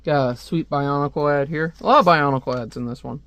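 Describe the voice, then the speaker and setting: A man's voice: a little high, a little fast, fairly bright tone, clean tone, no echo. Male comic reviewer, casual rambling delivery, dry close sound. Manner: rambling, chatty asides.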